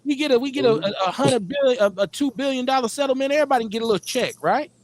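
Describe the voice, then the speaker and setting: Fired-up, profane talk radio host, high-pitched. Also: male voice, very fast, slight background noise. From Milwaukee, Wisconsin. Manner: fired up, profane, emphatic, rhetorical questions. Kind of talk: heated political talk radio rant.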